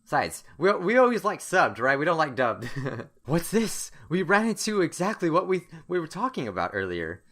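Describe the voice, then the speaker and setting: Man, let's-play host, lively swooping delivery, bright tone, chatty and excitable. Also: fairly high pitch, normal speed. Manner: animated, laughing, talks straight to viewers. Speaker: gaming video host.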